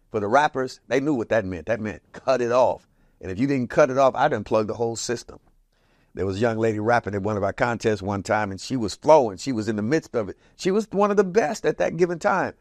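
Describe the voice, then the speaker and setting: A man in his seventies, grew up in Portland, Oregon, telling stories from his community in a casual, lively way and acting out the voices of people he quotes. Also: no room sound, clean studio sound. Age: 70s. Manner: lively, acts out quoted voices with big jumps in pitch and loudness. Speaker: interviewee recalling community history. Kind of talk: casual storytelling reminiscence.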